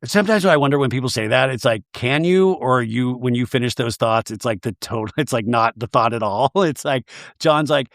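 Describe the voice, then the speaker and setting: Male podcast host, mid-pitched, laughs a lot while recapping, dry and close. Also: fairly quick, gravelly, no echo. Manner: chatty, laughs often, acts out quoted lines. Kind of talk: casual comedic TV recap.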